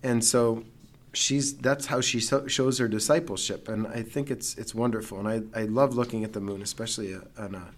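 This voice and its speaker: A middle-aged man, a priest, co-hosting a casual talk show with a relaxed, jokey way of telling stories. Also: medium pitch, a little fast. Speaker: priest and co-host. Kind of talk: casual chat.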